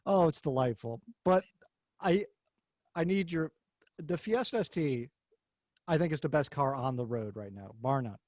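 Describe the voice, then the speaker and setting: A man's voice: fairly high pitch, expressive, moderate pace, pauses often, darkish tone, no echo. A man hosting a podcast, talking cars in a rambling, jokey way and swearing casually. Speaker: podcast host. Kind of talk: casual car chat.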